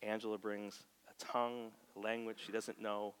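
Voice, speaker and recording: A man preaching a sermon in a church. He moves from soft, near-whispered lines to loud, passionate bursts and acts out quoted voices. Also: lowish voice, level tone, normal speed, smooth. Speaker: pastor. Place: church sanctuary. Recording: long hall reverb.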